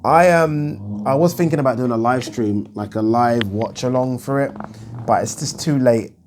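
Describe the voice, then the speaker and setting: A man's voice: medium pitch, moderate pace, a little mellow, slight background noise. A man hosting his own boxing channel, chatting bluntly about the news and thinking aloud with plenty of ums. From United Kingdom. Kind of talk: casual solo commentary on boxing news.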